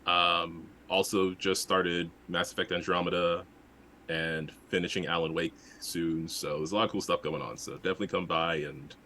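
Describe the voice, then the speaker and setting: A man's voice: deep voice, level tone, normal speed, pushed and bright, slight background noise. A man in casual chat plugging his own channel, laughing, upbeat and a bit scattered.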